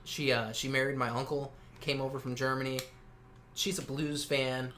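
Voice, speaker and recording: Bright-voiced man rambling casually. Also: medium pitch, little pitch movement, moderate pace, a little hiss or hum. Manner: rambling, swears often, many fillers. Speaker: co-host. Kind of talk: casual podcast chat.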